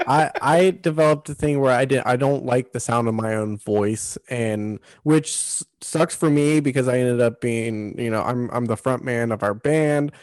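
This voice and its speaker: A man co-hosting a podcast, talking in a rambling, halting way. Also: mid-range voice, a little mellow, dry recording. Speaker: podcast co-host and band frontman. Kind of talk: casual podcast chat.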